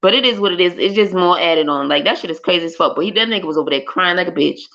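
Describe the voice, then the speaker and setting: A woman's voice: fairly low pitch, very fast, vocal fry. A woman, hosting a livestream and talking animatedly, with lots of swearing and exclamations. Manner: animated and profane, loud exclamations, laughs. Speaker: livestream host. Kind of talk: casual streamer chat. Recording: dull lo-fi stream audio.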